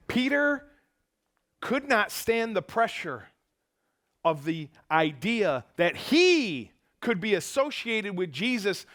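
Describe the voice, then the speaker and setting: A man preaching a sermon in a church, animated, acting out quotes and swinging from loud bursts to hushed tones. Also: high voice. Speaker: pastor. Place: church auditorium.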